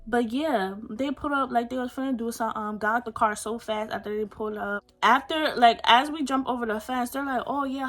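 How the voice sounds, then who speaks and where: An eighteen-year-old woman from Pennsylvania telling a storytime vlog in an animated, emphatic, indignant way, full of slang, recorded on a phone. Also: fairly high pitch. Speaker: vlogger.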